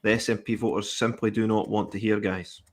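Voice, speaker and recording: Blunt man with a low voice. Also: flat delivery, a little fast. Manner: blunt, addresses listeners as guys. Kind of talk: political commentary on a livestream. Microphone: livestream video call.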